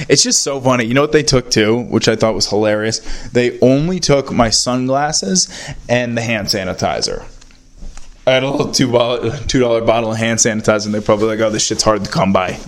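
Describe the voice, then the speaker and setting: A young man hosting his own podcast, rambling and self-mocking as he talks into a handheld voice recorder indoors at a friend's house. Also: mid-range voice. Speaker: podcast host. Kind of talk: casual solo podcast rant.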